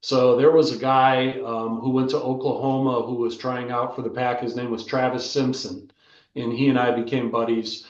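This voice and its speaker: An older American man, a former football player, telling animated stories in a casual interview and often asking "right?". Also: medium pitch, moderate pace, recorded from a distance. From United States. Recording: roomy, dull lo-fi sound.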